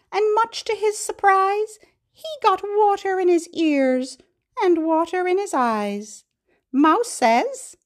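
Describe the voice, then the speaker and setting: Slow, lively high-voiced woman reading to babies. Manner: slow, animated, with animal sound effects. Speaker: podcast host reading to babies. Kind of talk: sing-song children's storytime.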